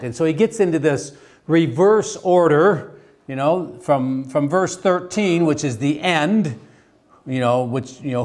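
A man teaching a theology class, talking in a halting way with many restarts and fillers and asking the class questions. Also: a little high, lively intonation, a little mellow. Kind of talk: classroom lecture.

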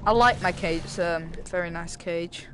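A man's voice: sits high, moderate pace. A young man giving jokey, profane commentary while playing a VR game. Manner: jokey, profane, trash-talking. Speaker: gaming video creator. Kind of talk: casual VR gameplay commentary. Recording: noisy game audio behind voice. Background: loud game boat and water sounds.

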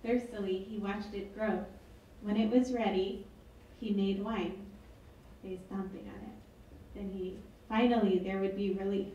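A woman's voice: medium pitch, steady tone, unhurried, mellow, far from the mic, muffled recording, slight background noise. A woman author reading her book aloud at an event, with wry, chatty asides. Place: event hall. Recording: echoey hall, mic from afar.

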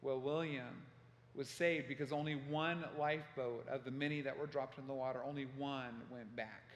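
A man preaching a sermon as pastor, telling a story with passion and acting out shouted quotes. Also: medium pitch, fairly even intonation, moderate pace, dull audio. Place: church sanctuary. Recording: echoey church hall.

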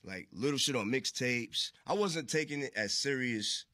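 Bright, slangy New man telling stories. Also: medium pitch, animated, moderate pace, no room sound, studio quality. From Queensbridge, New York. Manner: slangy, profane, acts out quoted voices. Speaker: guest. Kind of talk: casual storytelling interview.

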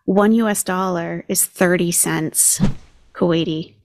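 A woman's voice: lowish voice, fairly even intonation, measured pace, a little mellow, a little hiss or hum. A woman hosting a commentary channel, chatting casually and sarcastically as she talks numbers through aloud.

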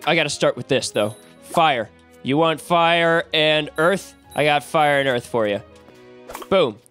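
A woman playing a video game and commentating, excitable, swearing and shrieking. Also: on the high side. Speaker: gamer. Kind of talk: let's play commentary. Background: game music.

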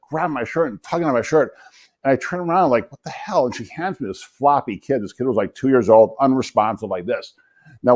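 A man's voice: medium pitch, darkish tone. A man in his sixties, a physician and entrepreneur, giving a keynote talk full of funny, self-deprecating stories. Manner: self-deprecating, anecdotal, joking asides. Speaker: guest speaker, physician and entrepreneur. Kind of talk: humorous keynote storytelling.

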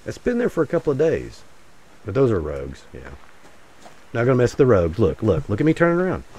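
A man's voice: mid-range voice, wildly swooping pitch, fast talker, darkish tone, slightly rough. A man giving casual, jokey commentary while playing a survival game, rambling and muttering asides to his viewers. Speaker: gaming channel host. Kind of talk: casual solo gameplay commentary.

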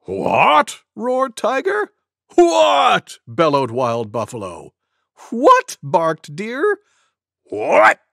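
A gentle male goose reads a storybook in a kids cartoon. His voice leaps all over the scale as he plays each animal, taking his time over every word. The sound is dry and close. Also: a little high, drawn-out words, creaky, dry recording, heavily acted. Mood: storytelling. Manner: lively, voices each animal with big sneezes.

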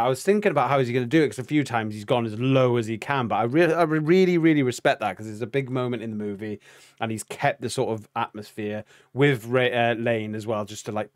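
A man co-hosting a reaction video, rambling with admiration and filling his sentences with "like" and "sort of". His voice is at a medium pitch and recorded dry, with no room sound around it. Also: no echo. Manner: rambling, full of fillers, admiring. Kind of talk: casual chat.

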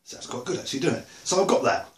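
A man's voice: mid-range voice, expressive, very fast. An English man chatting casually to camera about beer and music, rambling with dry humor. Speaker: video blogger. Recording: roomy echo.

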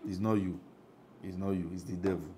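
A man's voice: low-pitched, fairly even intonation, a little fast, mellow, a little hiss or hum. A middle-aged Nigerian man preaching a sermon as pastor, emphatic, often asking the congregation if they follow.

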